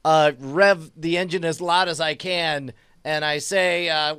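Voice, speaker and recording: A man's voice: on the high side, measured pace, smooth, dry recording, clean studio sound. A man playing a tabletop role-playing game, stammering as he describes his moves. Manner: stammering, animated, laughing. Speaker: player.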